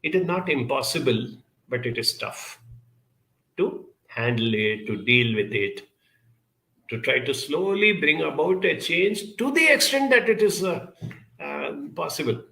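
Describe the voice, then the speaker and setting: A man gives a reflective advice talk, answering questions from his audience. His voice has a gravelly edge and a bright, forceful tone. He speaks deliberately and often pauses. The sound rings in an echoey room. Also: a little high, lively intonation. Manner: measured, deliberate, with frequent "uh" pauses.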